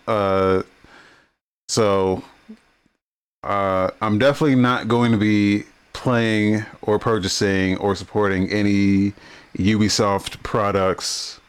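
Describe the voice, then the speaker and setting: A man co-hosting a casual podcast, blunt and quick to swear, often stammering on repeated words as he gets heated. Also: on the low side, little pitch movement, clear, resonant tone. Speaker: podcast co-host.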